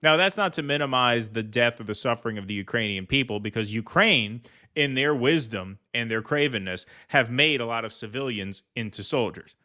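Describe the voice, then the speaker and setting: A man's voice: medium pitch, animated, moderate pace, bright, forceful tone. A man hosting a casual political commentary stream, blunt, sarcastic and profane. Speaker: host.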